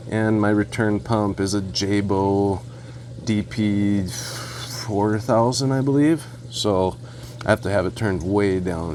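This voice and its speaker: A man vlogging a casual walkthrough of his home reef tank equipment, relaxed and rambling with fillers and asides. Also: fairly low pitch, slight background noise. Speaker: aquarium hobbyist vlogger.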